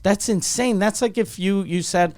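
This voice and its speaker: A middle-aged comedian hosting a podcast, telling an animated, profane story and acting out every line of dialogue in casual chat. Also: male voice, high voice, moderate pace. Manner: swears freely.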